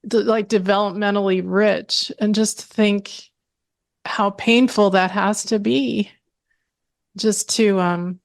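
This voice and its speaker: A woman's voice: mid-range voice, fairly even intonation, slow, vocal fry. A middle-aged woman hosting a podcast, asking probing, sympathetic questions. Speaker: podcast host. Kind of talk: interview.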